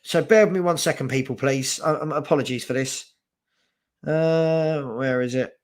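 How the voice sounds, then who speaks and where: A man's voice: fairly high pitch, moderate pace. A man hosting a live fan watch-along of a football match, chatting casually, exasperated and swearing about his team.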